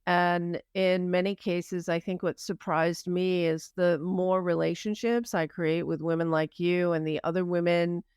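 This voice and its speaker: Woman podcast host, lowish smooth voice, dry close sound, thoughtful and chatty. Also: level tone, measured pace, hardly any pauses, a little mellow, dry recording. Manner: reflective, asks long open questions. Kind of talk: conversational interview.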